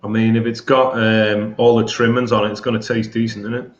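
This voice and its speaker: A male guest chatting casually on a live stream, relaxed and a little hesitant. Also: on the low side, a little fast. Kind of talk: casual chat. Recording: echoey, dull remote audio.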